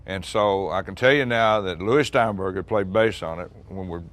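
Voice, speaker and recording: Older man telling a story, low voice. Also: normal speed, fairly bright tone. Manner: chatty, acts out quoted dialogue, frequent restarts and laughs. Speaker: musician recounting a recording session. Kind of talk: relaxed anecdotal storytelling.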